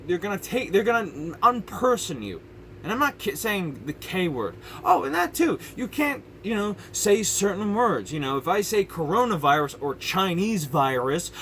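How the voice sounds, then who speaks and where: Rambling young man ranting, voice pitched high. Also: fairly bright tone, slight background noise. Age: young adult. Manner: rambling, frustrated, many restarts. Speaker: YouTuber. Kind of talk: ranting vlog commentary. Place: at home in his parents' house.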